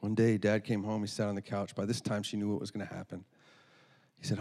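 A man's voice: lowish voice, flat delivery, fast, warm tone. A man preaching through a story, earnest, often restarting and repeating words. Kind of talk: storytelling sermon.

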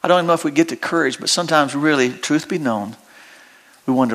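A man preaching a sermon as pastor, with big swells of emotion and soft, tender storytelling that comes close to tears. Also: fairly even intonation, fast talker, gravelly. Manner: preaching with big rises in pitch, then dropping soft and low for a story.

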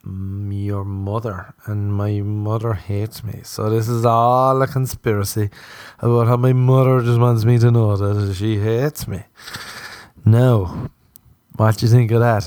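A man with a Cork Irish accent hosting a podcast, in a rambling, profane comedic monologue with muttered deadpan asides. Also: fairly low pitch, no echo, clean studio sound. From Cork, Ireland. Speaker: podcast host.

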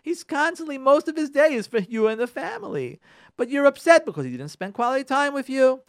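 Give me an animated man telling a story to listeners, his voice rising and falling a lot, recorded dry. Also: extremely high pitch, a little fast, dry recording. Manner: animated, repeats phrases for emphasis; addresses listeners directly. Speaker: radio show speaker giving marriage advice. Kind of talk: storytelling talk on relationships.

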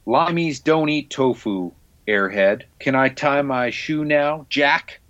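A man putting on a deliberately poor Cockney accent to read out record etchings as a joke. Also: mid-range voice, a bit bright, dull audio. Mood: jokey. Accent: attempted Cockney. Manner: hammy, self-mocking.

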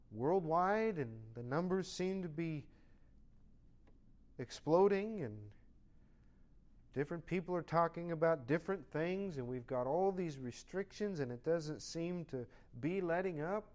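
High-voiced man preaching a sermon. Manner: swings from loud emphatic preaching to soft conversational asides; speaks in short repeated phrases. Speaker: pastor.

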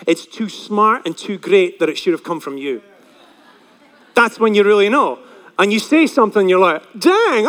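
Male pastor, high-pitched, animated preacher who acts out quoted voices, miked in a reverberant hall. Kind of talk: sermon.

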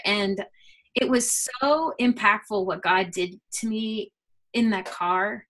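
A middle-aged woman, a guest, telling a personal faith story in an earnest, animated way with many fillers. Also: mid-range voice, slow pace. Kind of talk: personal testimony in a conversation.

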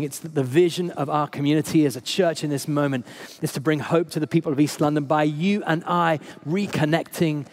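A man preaching a sermon as a priest, telling stories conversationally and emotionally, with frequent laughs. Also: on the high side. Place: church service.

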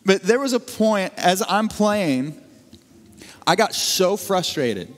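Animated man preaching in a reverberant hall. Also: sits high, slow. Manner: conversational, animated storytelling with frequent restarts. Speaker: pastor. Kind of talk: sermon.

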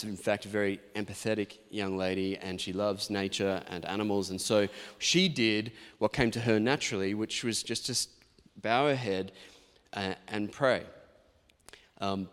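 A man's voice: sits low, a bit bright. A man in his forties, a pastor giving a sermon in a chatty, anecdotal storytelling manner. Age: 40s. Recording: long reverb of a large hall.

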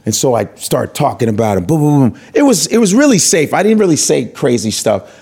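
A man's voice: a little high, big pitch swings, a little fast, vocal fry, darkish tone. A man, a stand-up comedian, telling a story as an interview guest with lots of swearing, acting out the other people's voices. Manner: profane, acts out voices in his anecdotes.

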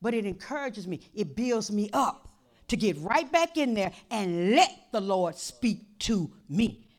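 A woman pastor preaching a sermon in a church, impassioned and repetitive, dropping to a hush and then rising to shouts. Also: medium pitch, sing-song, a little slow. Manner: impassioned, repeats phrases, swings from hushed to shouting.

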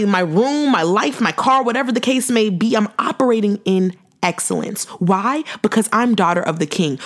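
Fervent young woman podcast host. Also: fairly high pitch. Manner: impassioned, repetitive, slangy preaching cadence. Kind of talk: fervent faith testimony on a podcast.

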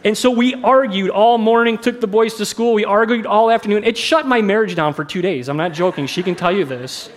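A man's voice: high voice, a little fast, hardly any pauses. A middle-aged man, a pastor, preaching a sermon in a candid, conversational way, mixing personal stories with teaching. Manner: candid, conversational, self-deprecating.

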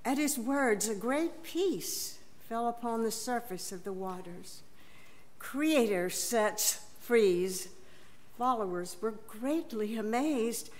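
A woman leading worship, who introduces and reads the gospel lesson in a church service with measured, deliberate delivery. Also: on the high side, expressive, a little mellow. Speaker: worship leader reading scripture. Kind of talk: scripture reading in a church service. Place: church sanctuary.

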